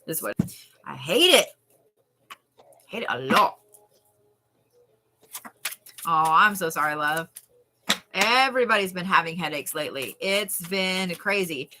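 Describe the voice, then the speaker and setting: Woman in her 30s, live card reader; slightly low, bright voice, casual and frank. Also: animated, slight background noise. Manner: chatty and candid, swears casually, drawls slowly at times. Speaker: tarot card reader on a livestream. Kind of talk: live card reading, casual chat with viewers.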